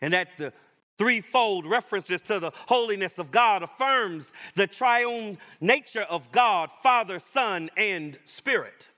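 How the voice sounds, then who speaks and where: Male pastor, high bright voice, measured sermon delivery with emphatic repetition. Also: expressive. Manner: emphatic preaching with repetition and rising declarations.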